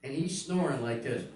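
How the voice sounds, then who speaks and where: An older man from Pennsylvania doing a stand-up comedy set, telling stories and acting out the people in them with sudden jumps in pitch. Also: a little hiss or hum. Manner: storytelling, acting out quoted voices with big pitch jumps. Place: live comedy room, audience laughing. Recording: echoey room heard from a distance.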